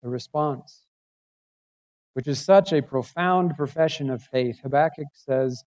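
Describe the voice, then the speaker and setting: A man's voice: on the high side, unhurried, darkish tone. A male pastor preaching a sermon, emphatic and building intensity through lists and rhetorical questions.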